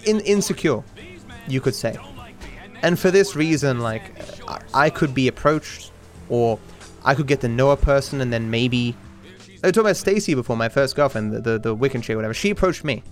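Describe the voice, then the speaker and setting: An Australian man, a streamer, answering viewer questions in a casual, meandering way, with deadpan jokes and frequent restarts. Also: mid-range voice, brisk, soft background music. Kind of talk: casual rambling Q&A.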